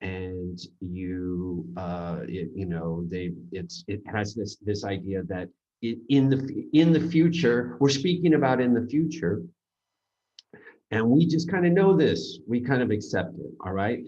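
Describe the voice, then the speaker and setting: A man with a low, mellow voice works through a grammar lesson at an unhurried pace, circling back and restarting his sentences as he goes. The sound is dull and lo-fi. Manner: rambling, halting explanations with many restarts and fillers. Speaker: teacher. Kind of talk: recorded grammar seminar lecture.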